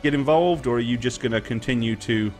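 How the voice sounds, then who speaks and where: A man's voice: mid-range voice, fairly quick, darkish tone, faint music behind. A man narrating a tabletop game as game master, casual and chuckling, with frequent fillers.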